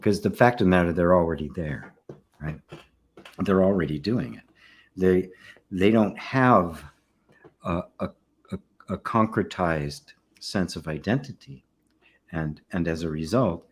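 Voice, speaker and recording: An older man, a spiritual teacher, giving a relaxed satsang talk, often checking in with "right?" and soft laughs. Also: low-pitched. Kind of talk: satsang talk, answering questions.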